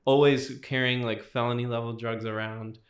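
A man's voice: medium pitch, little pitch movement, normal speed. A man in his twenties, a podcast guest, tells his testimony in casual, rambling chat full of "like" and "you know". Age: 20s. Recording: roomy echo.

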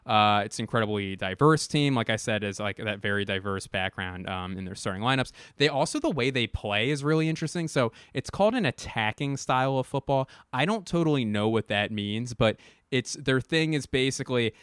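A man's voice: mid-range voice, expressive, fairly quick, a bit bright, clean tone, dry recording, clean studio sound. A young man hosting a podcast, rambling casually and profanely with a self-mocking edge. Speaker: podcast host. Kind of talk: casual comedic monologue.

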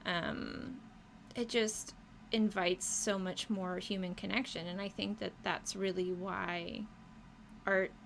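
A woman's voice: medium pitch, flat delivery, slow, creaky, slight background noise. A woman who paints murals, talking casually and enthusiastically in an interview, with many fillers and frequent laughter. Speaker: muralist guest.

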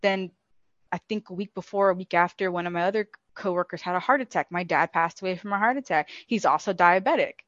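A woman's voice: on the low side, quick pace, fairly bright tone, dry recording. A woman client in a casual podcast conversation, talking earnestly and rambling, often repeating herself. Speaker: coaching client. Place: office at work. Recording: dull, dry lo-fi sound.

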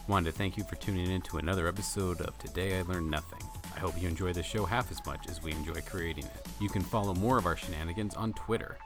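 A podcast host giving a friendly scripted sign-off at the end of the show. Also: male voice, sits low, quick pace, hardly any pauses. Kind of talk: scripted outro. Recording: voice over loud music.

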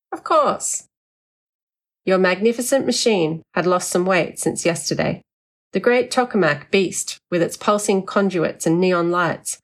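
Female audiobook narrator, first person, wry and expressive; lowish pitch.

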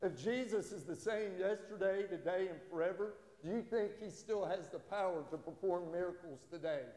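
A man's voice: high voice, normal speed, dark tone. A man preaching a sermon as a pastor in a church, with rising fervor. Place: church sanctuary. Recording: echoey hall.

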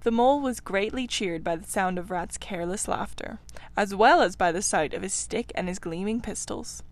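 A woman reading a classic storybook aloud in a measured, expressive way, sometimes dropping to a hush. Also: medium pitch. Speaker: reader. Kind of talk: storybook read-aloud narration.

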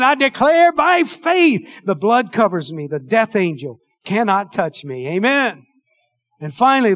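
Fervent high-voiced preacher. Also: male voice. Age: older. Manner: fervent preacher, swings from hushed to shouted. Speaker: pastor. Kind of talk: sermon.

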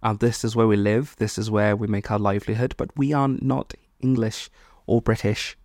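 A podcast co-host from Malawi chatting casually, rambling and quick to laugh. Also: medium pitch, flat delivery, darkish tone, no echo, clean studio sound. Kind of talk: casual chat.

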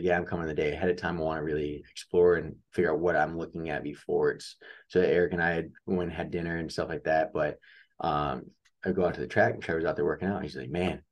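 A young man from upstate New York, a track coach telling a story in a casual interview, acting out the dialogue as he goes. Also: extremely low pitch.

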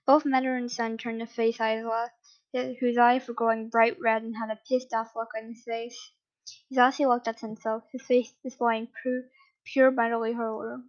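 A woman reading a story aloud at a steady pace, sometimes correcting herself. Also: fairly high pitch, moderate pace, muffled recording. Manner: steady with occasional self-corrections. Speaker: reader. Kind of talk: reading fan fiction aloud.

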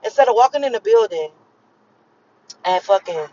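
A woman's voice: mid-range voice, animated, moderate pace, dark tone, a little hiss or hum. Profane, emphatic woman ranting, lo-fi. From Miami. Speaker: vlogger. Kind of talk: casual rant to camera. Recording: slightly lo-fi recording.

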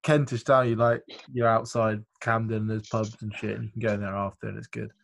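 A man's voice: on the low side, level tone, fairly quick, vocal fry, a little hiss or hum. A man, co-hosting a podcast in casual chat, telling rambling, sweary stories. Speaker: podcast co-host.

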